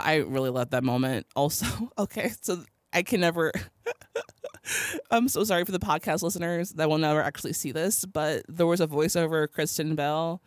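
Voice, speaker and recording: A young adult podcast co-host in casual chat, recapping a TV episode with lots of laughter and animated retelling. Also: mid-range voice, dry recording, studio quality.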